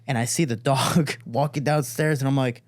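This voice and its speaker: In a studio, a Chicago man shares a family story in casual conversation, animatedly acting out the people he quotes by raising his voice. His pitch is medium and his pace moderate.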